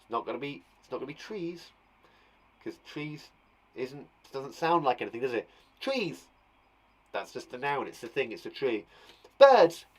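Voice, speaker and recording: Lively male teacher acting out sounds. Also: medium pitch, moderate pace, pauses often. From England. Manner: chatty, thinks aloud, acts out sounds. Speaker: primary school teacher. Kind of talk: online lesson for young children.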